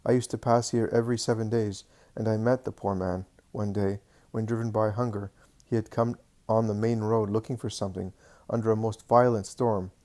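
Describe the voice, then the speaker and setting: A man's voice: lowish voice, steady tone, moderate pace, mellow, natural voice. A man doing an earnest humble beggar friend. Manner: earnest, eager storytelling. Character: kind humble male beggar friend, devoted.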